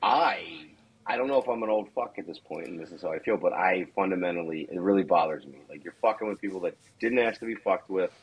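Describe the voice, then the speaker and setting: Husky, low-voiced man swearing freely. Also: quick pace, low-quality recording. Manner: animated, profane storytelling. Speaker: podcast guest comic. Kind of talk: casual podcast banter.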